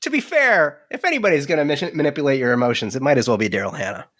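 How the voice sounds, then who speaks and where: A man's voice: on the high side, lively intonation, racing, a bit bright. A man co-hosting a podcast, chatting casually, laughing easily and slipping into playful voices. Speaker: podcast co-host. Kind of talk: casual chat.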